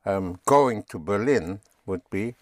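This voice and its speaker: A man's voice: lowish voice, animated, takes it slowly, no room sound. A man teaching German, patiently spelling words out and having learners repeat them. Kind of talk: slow language lesson.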